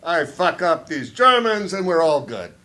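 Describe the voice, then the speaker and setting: A man's voice: fairly high pitch, sing-song, measured pace, sharp tone, heavily acted. A man doing a wisecracking Groucho-style old schemer. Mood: sly. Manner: wisecracking, drawling, mock-confiding asides. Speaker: comedian in character. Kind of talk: improvised comedy interview.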